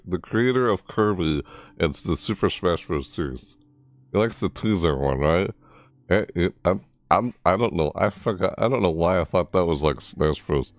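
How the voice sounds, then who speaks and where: A young man giving live reaction commentary, rambling and excitable, often breaking into laughter. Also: sits low, no echo. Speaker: reaction streamer.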